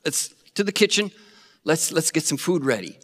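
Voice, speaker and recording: A man voicing Martha, a bossy, busy woman, in a high, loud, urgent voice. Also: sing-song, normal speed. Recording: long reverb of a hall.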